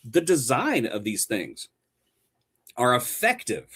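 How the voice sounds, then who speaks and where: Animated, sarcastic man on a podcast. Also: medium pitch, takes it slowly, slightly rough. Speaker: podcast co-host. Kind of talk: podcast review banter.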